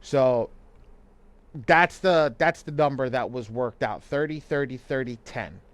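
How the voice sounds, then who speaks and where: A man's voice: mid-range voice, a little slow. A man co-hosting a live online money class, talking loosely with lots of restarts and easy laughter. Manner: loose and rambling, frequent restarts, laughs easily. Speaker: co-host and credit coach.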